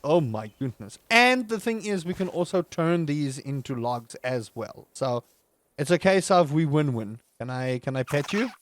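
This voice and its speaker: A man's voice: a little high, sing-song, normal speed. A man giving playful, chatty let's-play commentary with jokey wordplay. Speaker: gaming host.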